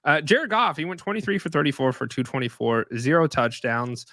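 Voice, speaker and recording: A man co-hosting a casual sports podcast, animated and blunt, swearing and laughing at his own slips. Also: a little high, brisk, no echo. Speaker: podcast co-host.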